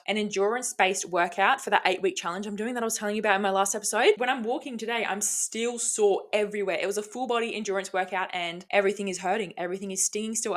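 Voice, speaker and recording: Sweary upbeat woman podcaster. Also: medium pitch. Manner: energetic, sweary, motivational. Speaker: podcast host. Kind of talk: casual solo podcast talk.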